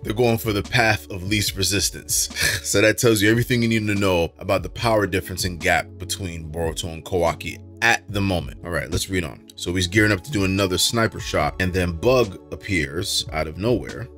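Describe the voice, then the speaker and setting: A man hosting a casual manga read-through and reaction, excitable and slangy, laughing often. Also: low-pitched, fairly quick, faint music behind. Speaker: manga reaction show host.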